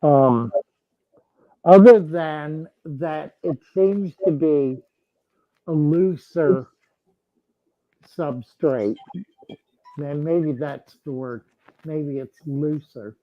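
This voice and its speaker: A man hosting a casual livestream chat with viewers, thinking aloud in a halting way with frequent restarts. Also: on the high side, dry recording, phone-quality sound. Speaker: host answering viewers.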